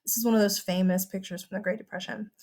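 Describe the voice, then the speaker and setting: A young woman with a Texan accent, teaching a recorded history lesson in a chatty, animated, exclamatory way. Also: medium pitch, quick pace.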